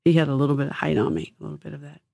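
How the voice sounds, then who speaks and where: A woman singer with a husky, low-toned voice, talking casually and emphatically as an interview guest. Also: level tone, very fast, mellow, no echo, clean studio sound.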